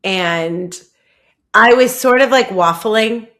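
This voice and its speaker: A young woman telling a long personal story in casual podcast chat, rambling and animated, with many "like"s. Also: fairly high pitch, slow. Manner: rambling, animated, heavy use of "like". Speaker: podcast guest.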